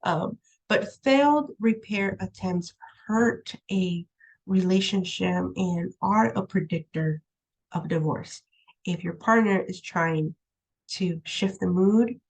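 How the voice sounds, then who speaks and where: A woman's voice: fairly low pitch, creaky, darkish tone, muffled recording. A woman lecturing from her room at home, in a conversational style that leans on "um" and "right?". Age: young adult to middle-aged, has a young daughter. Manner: conversational, repeats "right?" and "um", laughs easily. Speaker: college instructor. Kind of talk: recorded online lecture.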